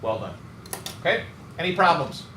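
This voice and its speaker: A man's voice: a little high, big pitch swings, moderate pace, bright, forceful tone. A man teaching a math class, joking and teasing his students as he works through problems. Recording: echoey classroom, some noise.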